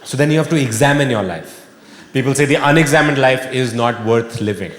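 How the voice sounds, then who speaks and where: Man, stand-up comedian, wry animated delivery, lively swinging pitch, echoey hall with long reverb. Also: a little fast. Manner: animated, wry, bursts into shouting. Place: live comedy venue with audience laughter. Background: audience laughter and room ambience.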